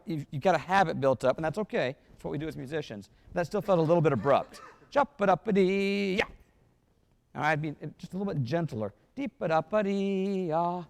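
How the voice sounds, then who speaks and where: A male band clinician with a fairly high voice and noticeable vocal fry works with a wind band in a concert hall rehearsal, offering encouraging directions and scatting phrases to model how they go.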